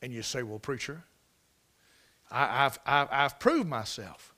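Bright-voiced preacher man. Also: mid-range voice. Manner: dramatic storytelling, swings from loud shouting to near whisper. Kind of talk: sermon.

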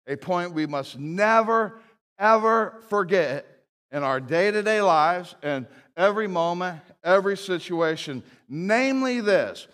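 Emphatic preacher in an echoing hall. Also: male voice, a little high, fairly bright tone. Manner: emphatic preaching with rhetorical questions and asides. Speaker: pastor. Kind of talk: sermon. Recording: echoey hall.

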